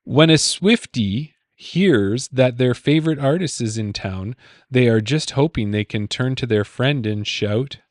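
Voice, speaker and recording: A man's voice: mid-range voice, unhurried, no echo, studio quality. A man hosting a podcast, reading out pun clues in a teasing, playful way and laughing at his own jokes. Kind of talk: playful podcast quiz banter.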